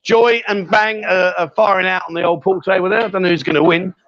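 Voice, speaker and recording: A man's voice: high voice, fairly even intonation, fairly quick, fairly bright tone. A man hosting a live stream from a bar, chatty and teasing, calling people sweetheart. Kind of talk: lively live-stream banter. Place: bar with a pool table. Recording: dull lo-fi stream audio.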